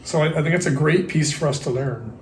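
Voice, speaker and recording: A man's voice: on the high side, quick pace, echoey room, slight background noise. A man in casual conversation, thinking aloud with many fillers and restarts.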